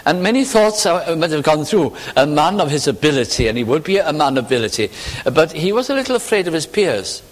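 A man's voice: a little high, very animated, fairly quick. A man preaching a sermon, earnest and reflective, building to emphatic questions. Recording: long hall reverb.

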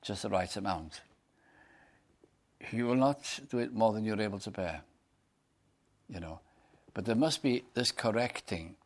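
A man's voice: fairly low pitch, unhurried, pauses often. A man preaching a sermon, reading scripture aloud and putting earnest questions to his listeners.

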